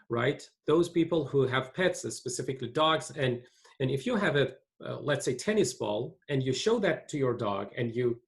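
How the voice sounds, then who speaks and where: A man's voice: medium pitch, vocal fry. A man presenting a teaching webinar, talking earnestly with frequent restarts and repeated points.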